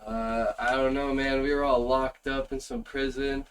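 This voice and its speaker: A man's voice: medium pitch, little pitch movement, normal speed, smooth. A man playing a tabletop game, laid-back and drawling. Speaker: player. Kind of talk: casual tabletop play.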